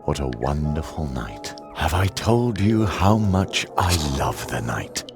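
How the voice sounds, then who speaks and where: A mysterious, gentle mage of the night in a video game. He speaks slowly and deliberately in a very deep voice that still rises and falls expressively. Game music plays behind him. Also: very animated, creaky, exaggerated voice. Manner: slow, measured and mysterious.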